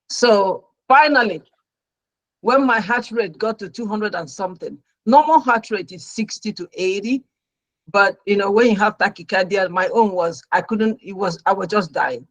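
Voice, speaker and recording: A middle-aged woman, a registered nurse, telling her own story as a talk show guest with lively, dramatic delivery. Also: medium pitch, measured pace, no room sound, poor audio. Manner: animated storyteller who acts out her own past reactions.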